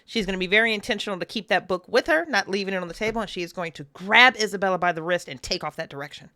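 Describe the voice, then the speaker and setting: A woman playing an improvised tabletop game, bantering quickly and describing her character's actions. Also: medium pitch, sharp tone. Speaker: player.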